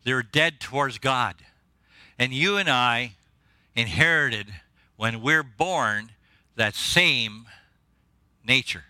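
Guest preacher, male, bright and a touch high, excitable and laughing at his own jokes, dry close sound. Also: takes it slowly, pauses often, no room sound. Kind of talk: sermon. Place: church.

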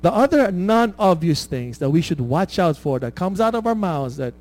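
A man's voice: high-pitched, big pitch swings, moderate pace, a little mellow, low-quality recording. Conversational man preaching a sermon. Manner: conversational preaching with frequent "right?" tags; laughs at his own anecdotes. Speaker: pastor.

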